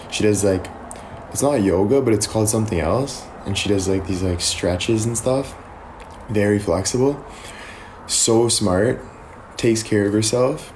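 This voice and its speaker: A man's voice: on the low side, background noise. A young man from Canada chatting casually on a live stream, rambling and thanking viewers as he goes.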